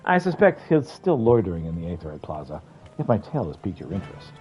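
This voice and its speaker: A man's voice: deep voice, wildly swooping pitch, quick pace, highs cut off, soft background music. A man voicing an older woman, a stern matron with a put-on American Southern accent, prim and formal in her scolding.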